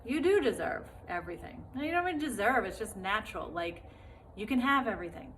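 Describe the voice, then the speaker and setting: A woman's voice: mid-range voice, lively intonation, fairly quick, fairly bright tone, slight background noise. A woman teaching a self-love course in a casual, encouraging way, full of fillers and asides. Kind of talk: spoken course lesson.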